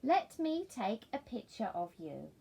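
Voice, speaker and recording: A woman's voice: on the high side, big pitch swings, measured pace, creaky, dark tone, breathy edge, full character voice. A woman voicing a cheerful young boy in a storybook reading.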